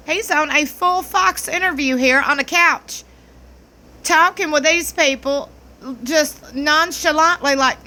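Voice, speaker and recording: A woman's voice: sits high, unhurried, pushed and bright. A woman with a Southern US accent giving blunt, mocking commentary as a vlogger. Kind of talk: opinionated commentary.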